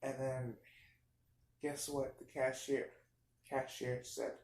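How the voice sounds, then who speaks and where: A man's voice: mid-range voice, takes it slowly, creaky. A young man improvising a rambling, absurd story, full of fillers and restarts. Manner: meandering, filler-heavy, deadpan absurd. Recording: echoey room.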